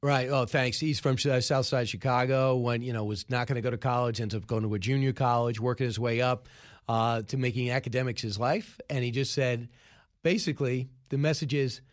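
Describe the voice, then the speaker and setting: A man's voice: medium pitch, steady tone, fairly quick. A man hosting a talk show, talking casually with frequent restarts.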